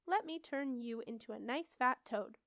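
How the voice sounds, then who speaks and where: A woman's voice: a little high, a little slow, no echo, clean studio sound, natural voice. Sing-song sleepwalking witch, voiced by a woman. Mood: dreamy. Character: sleepwalking female witch, dreamy and creepy.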